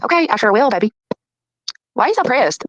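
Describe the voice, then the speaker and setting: A woman's voice: fairly high pitch, sing-song, a little fast, dull audio, a little hiss or hum. A woman hosting a casual livestream chat, taunting and mocking her critics and laughing often. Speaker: livestream host.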